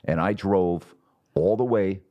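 A man's voice: low voice, takes it slowly, muffled recording. A middle-aged man, a sports broadcaster, telling stories from his career in a podcast interview, acting out the people he quotes. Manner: animated storyteller, acts out quotes.

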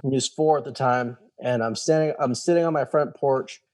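A former special operations soldier speaks openly about his life in an interview, imitating the people he quotes and cursing casually. His voice is mid-range and somewhat dark, delivered at a normal speed.

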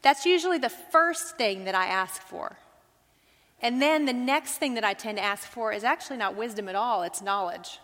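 A woman's voice: a little high, normal speed, a bit bright. A woman teaching a Bible study to a group, earnest, asking them questions as she goes. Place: large hall with a group. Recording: long hall reverb.

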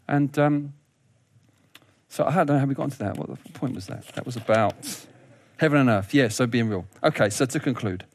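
A man preaching a sermon in a lively, humorous way, laughing often and repeating words as he goes. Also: a little high, no echo.

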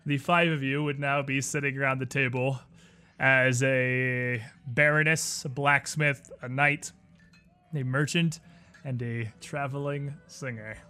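Bright-voiced male game master. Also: medium pitch, unhurried, clean tone. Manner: relaxed, rambling with fillers. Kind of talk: narrating a tabletop game.

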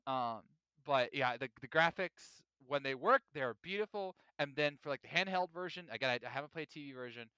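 A man co-hosting a casual gaming podcast, talking in an animated, jokey way with lots of self-corrections. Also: mid-range voice, a little fast, smooth, no echo. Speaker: podcast co-host.

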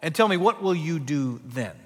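A man voicing an aged male statesman who speaks slowly and with fatherly patience. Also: fairly high pitch, expressive, fairly bright tone, big-room sound.

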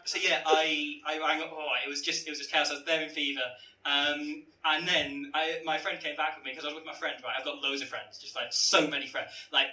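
A man's voice: on the high side, flat delivery, fairly quick, few pauses, sharp tone, roomy sound, recorded from a distance, rough recording. A young man telling a rambling, self-mocking comic story to friends on a podcast. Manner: rambling, self-mocking, stumbling over words for comic effect. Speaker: podcast co-host. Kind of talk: comedic storytelling among friends.

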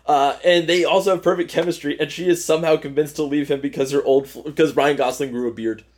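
A man's voice: on the high side, fairly even intonation, fast talker, darkish tone. A young man co-hosting a podcast, talking about movies in a rambling, profane way and laughing often. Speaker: podcast co-host. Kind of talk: casual movie-review chat.

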